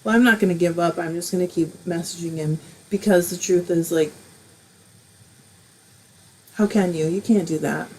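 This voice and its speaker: A woman's voice: on the low side, moderate pace, long pauses, slightly rough, rough recording. A middle-aged woman hosting a live crafting stream from home, chatting casually and reading viewers' comments, emotional and close to tears at times while laughing it off. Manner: emotional, tearful at moments, laughing it off. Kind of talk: casual livestream chat, reading comments aloud.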